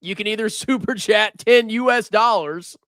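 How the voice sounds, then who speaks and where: A man's voice: high voice, moderate pace, a bit bright, no echo, clean studio sound. A man hosting a live finance stream, reading viewer messages and mocking them with frequent laughter. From United States. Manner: teasing, mocking, laughs often. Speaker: livestream finance host.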